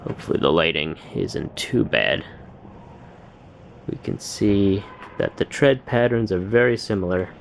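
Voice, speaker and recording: Low-voiced guy showing off his sneakers, lots of uhs, bit of hiss behind. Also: a little slow, gravelly. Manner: relaxed, thinking aloud with many fillers. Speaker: sneaker reviewer. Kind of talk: casual product review.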